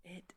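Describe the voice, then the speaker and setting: An actress voicing an elegant, languid noblewoman who teases gently and speaks with grace in a video game. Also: slight background noise. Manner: slow, teasing and gracious. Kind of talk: game voice acting.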